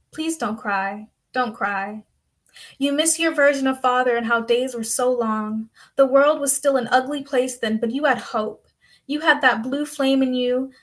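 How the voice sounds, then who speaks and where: A woman's voice: high voice, fairly bright tone. A woman performing her own spoken-word poems in a poetry competition, with an intense, dramatic recitation. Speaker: poet competitor.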